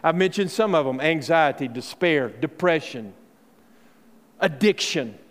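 A man's voice: fairly high pitch, expressive, measured pace. A man preaching a sermon, telling the story in a folksy way and acting out the characters. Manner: folksy, acts out quoted voices, many fillers. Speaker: pastor. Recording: long hall reverb.

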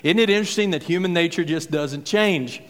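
A man's voice: fairly high pitch, brisk. Folksy preacher man in a reverberant hall. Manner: folksy, conversational, acts out the crowd's and Jesus' words. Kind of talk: expository sermon.

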